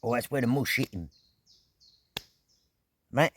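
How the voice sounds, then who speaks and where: A middle-aged man vlogging outdoors at an evening camp, telling a story in a casual, animated way, full of slang, swearing and sound effects. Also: mid-range voice, measured pace, slightly rough.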